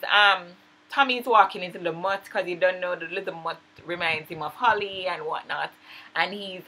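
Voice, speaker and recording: A woman's voice: mid-range voice, sharp tone, slightly rough. A young woman casually recapping a TV episode, blunt and profane, acting out the characters' lines as she retells the story. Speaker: TV recap vlogger.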